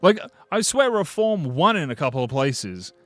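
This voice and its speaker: A man's voice: a little high, sing-song, normal speed, no echo, faint music behind. A man streaming live, chatting casually with viewers in a blunt, sardonic way and swearing freely.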